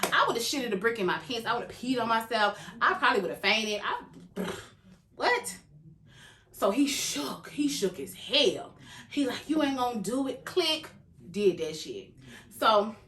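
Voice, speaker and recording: A young adult woman hosting a reaction video, recapping an episode in casual, animated storytelling and acting out the characters' lines. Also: fairly high pitch. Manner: animated storytelling, acts out characters' lines, calls viewers "baby". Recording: echoey room, faint background noise.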